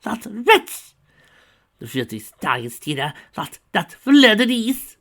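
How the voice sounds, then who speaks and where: A man's voice: big pitch swings, a little fast. A man voicing a dramatic, fashionable unicorn woman in a fan fiction reading, theatrical and indignant. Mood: outraged. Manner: theatrical, indignant, high-strung. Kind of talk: fan fiction read aloud.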